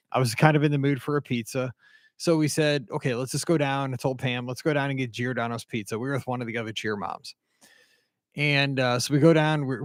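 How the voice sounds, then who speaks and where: A man's voice: mid-range voice, no echo, studio quality. Chatty Midwestern man telling a story. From American Midwest. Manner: rambling, animated storyteller with asides and quoted dialogue. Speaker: podcast host. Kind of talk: casual storytelling monologue.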